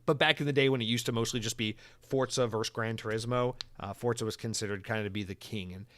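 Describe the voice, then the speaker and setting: A man's voice: medium pitch, fairly even intonation, quick pace, a bit bright, no echo. A young man hosting a solo podcast, talking casually in a sarcastic, rambling, self-mocking way. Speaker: podcast host.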